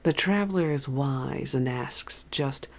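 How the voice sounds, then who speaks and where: A reader voicing a philosophical man, a former prisoner, speaking in a calm, plain-spoken, reflective way. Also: medium pitch, slow pace, vocal fry.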